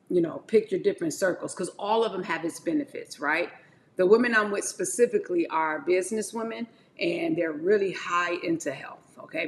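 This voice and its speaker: A woman chatting casually to her viewers as she juices and drinks wheatgrass shots, calling them y'all and talking in animated bursts. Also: fairly low pitch, echoey room, slight background noise. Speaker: wellness vlogger. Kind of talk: casual chat to camera.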